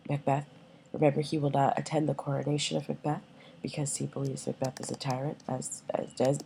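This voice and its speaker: A woman's voice: deep voice, creaky, a little mellow, a little hiss or hum, low-quality recording. A woman teacher giving a recorded class lecture, explaining with many fillers and checking that her listeners follow.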